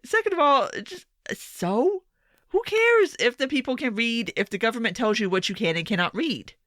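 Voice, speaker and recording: A woman's voice: on the high side, expressive, moderate pace, fairly bright tone, dry recording, studio quality. A young woman giving a casual, sarcastic political commentary monologue, full of swearing and exasperated asides.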